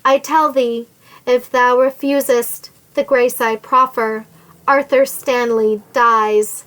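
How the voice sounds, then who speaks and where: A cold, sneering nobleman bent on revenge, read by a woman with a fairly high voice. He threatens and taunts in stately old-fashioned phrasing, delivered slowly and deliberately. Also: fairly even intonation, a bit bright, poor audio. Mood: menacing. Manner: sneering, menacing, archaic formal speech. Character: scheming, vengeful nobleman threatening a captive woman.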